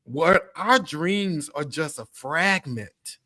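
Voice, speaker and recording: A podcast guest speaks in an earnest, reflective way about faith. His voice is bright and forward, and it sits a bit high for a man. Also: animated, slow. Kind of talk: casual chat.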